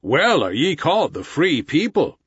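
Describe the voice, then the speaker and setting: A man voicing a gentle but dangerous panther, soft-spoken and menacing, in a slightly dull recording. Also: a little high, big pitch swings, moderate pace, husky, dry recording, heavily acted. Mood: quiet menace.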